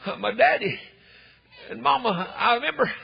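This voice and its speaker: A fervent older preacher with a high, husky voice. He tells his story emphatically and climbs into shouts. The recording is dull and lo-fi. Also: lively intonation, normal speed.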